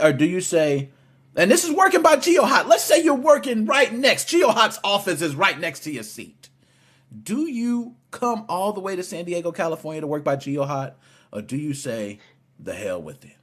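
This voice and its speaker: Animated, husky-voiced podcast host. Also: male voice, high voice, moderate pace. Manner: teasing, animated, playful ribbing. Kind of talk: casual podcast chat.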